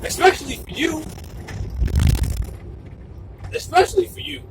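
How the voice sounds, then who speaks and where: Male video blogger, heated repetitive monologue, gravelly edge, faint background hiss. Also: extremely high pitch, animated, quick pace, recorded from a distance. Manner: fervent, profane, repetitive and emphatic, sometimes shouting. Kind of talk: impassioned monologue to camera.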